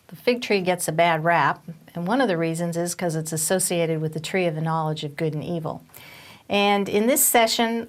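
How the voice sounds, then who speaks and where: Woman Bible teacher, lowish voice. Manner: explanatory, with fillers and restarts. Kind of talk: recorded teaching session.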